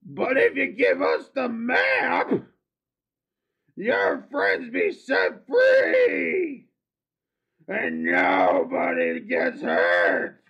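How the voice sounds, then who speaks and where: A man voicing a brutish male goblin captor who yells his threats. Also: very high-pitched, wildly swooping pitch, drawn-out words, vocal fry, slightly rough, lo-fi sound, exaggerated voice. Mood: yelling threats. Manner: yelling threats.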